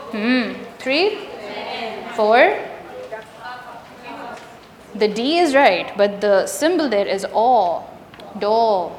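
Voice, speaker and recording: A woman leading a live teacher workshop, patiently drilling sounds and quizzing the room. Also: fairly high pitch. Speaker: workshop trainer. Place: large echoey hall. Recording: roomy hall reverb, faint ambience.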